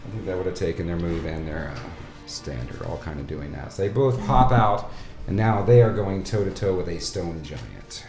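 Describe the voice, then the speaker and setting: A man's voice: low-pitched, normal speed. A man narrating as game master in a casual, rambling way. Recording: echoey room with loud music.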